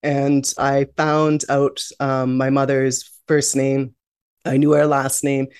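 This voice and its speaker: A woman's voice: very deep voice, flat delivery, slow pace, darkish tone, smooth, dry recording, clean studio sound. A middle-aged woman, a guest in an interview, telling her life story in a reflective, candid way. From Canada. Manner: reflective, candid, with frequent restarts and "you know".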